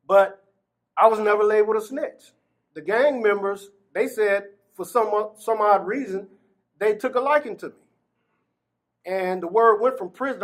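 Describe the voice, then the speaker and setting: A middle-aged man from Gary, Indiana, recounting his own story in an earnest, heartfelt way. His voice sits high for a man, and he laughs often as he talks. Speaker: exoneree telling his story. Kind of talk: personal testimony.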